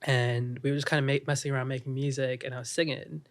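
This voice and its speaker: A man's voice: mid-range voice, little pitch movement, quick pace. A young man from India, a musician guest speaking candidly and reflectively in a casual podcast interview.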